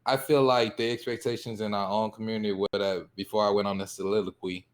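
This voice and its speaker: A man's voice: fairly low pitch, little pitch movement, fast. A man with a Southern US accent, talking in a rambling, laid-back way as a guest on a casual podcast discussion.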